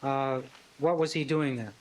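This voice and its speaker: A man questioning a witness in court, measured and halting with many fillers. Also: mid-range voice, poor audio. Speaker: trial attorney.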